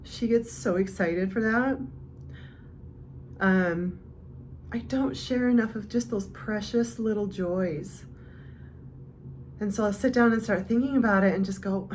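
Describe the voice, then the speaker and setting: A woman vlogger talks slowly and unhurriedly, as if chatting with close friends. Her voice sits at an ordinary middle pitch, and she is heartfelt and a little rambling. Faint background noise runs under her voice. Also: darkish tone. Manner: slow, heartfelt, rambling, speaks straight to viewers. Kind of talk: casual reflective talk to camera.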